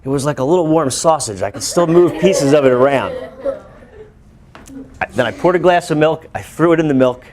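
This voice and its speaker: A male teacher telling a lively personal story to his students, breaking into shouts and laughter. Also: a little high, fairly quick, crowd noise. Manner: animated, bursts into shouts and laughs while telling. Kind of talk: storytelling to a class.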